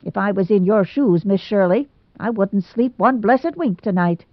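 Woman doing a loud sarcastic old housekeeper. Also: medium pitch, normal speed, no room sound, close to an everyday voice. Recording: dry tinny phone-like sound.

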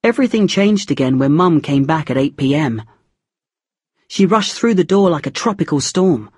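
A woman reading a chapter book aloud in a measured, expressive storytelling manner. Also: low-pitched, husky, no echo, studio quality. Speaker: audiobook reader. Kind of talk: scripted narration of a graded reader.

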